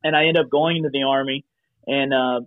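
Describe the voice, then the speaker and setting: A man's voice: medium pitch, steady tone, fairly quick, dry recording. A man in his thirties tells a long personal story as a guest over a video call. His voice comes through a thin, phone-like line with a dry sound and no room around it. He rambles and fills gaps with "um" and "you know", and acts out the voices of people he quotes. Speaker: podcast guest. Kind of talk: casual storytelling.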